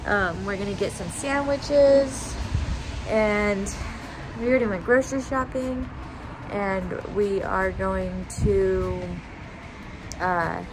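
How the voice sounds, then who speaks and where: A woman vlogging a family day outdoors, chatting casually to the camera with lots of fillers and a sing-song tone when she talks to her toddlers. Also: medium pitch. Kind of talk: casual vlog chat to camera. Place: outdoors on a cold windy street. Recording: outdoor wind and street noise.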